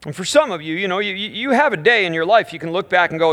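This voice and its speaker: A middle-aged man preaching as a minister, telling a story with animated energy and easing into soft, slow prayer. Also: sits high. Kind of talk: storytelling sermon at a live church event.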